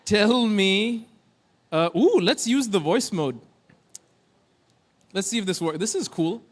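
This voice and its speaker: High-pitched male conference emcee, playful stage banter, fills time with jokes. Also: animated, takes it slowly. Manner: joking, playful, chatty.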